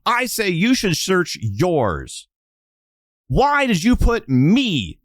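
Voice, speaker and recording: A man putting on an enraged woman captain, shouting and tearful in a tabletop role-play. The voice jumps far above his own low register. It is recorded dry and close. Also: huge pitch swings, drawn-out words, no echo, exaggerated voice. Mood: furious. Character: furious grieving woman soldier captain.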